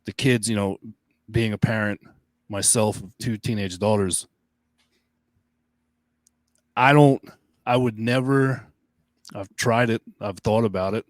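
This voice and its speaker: A middle-aged man from Long Island co-hosting a podcast, talking in an emphatic, halting way that circles back on itself. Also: lowish voice, no echo. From Long Island, New York. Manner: emphatic, halting, repeats himself. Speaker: podcast co-host. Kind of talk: casual podcast chat.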